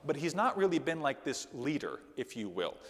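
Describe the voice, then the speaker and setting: Speaking at a moderate pace in a mid-range voice, a man teaches Sunday school in a big church hall. He preaches conversationally and with animation, often pausing to ask "okay?"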